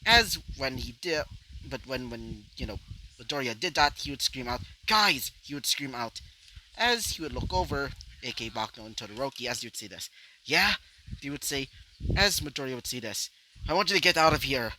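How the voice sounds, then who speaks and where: A man's voice: medium pitch, lively intonation, a little fast, pushed and bright. A man casually narrating a fan story, rambling with many fillers and asides. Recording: noisy home recording.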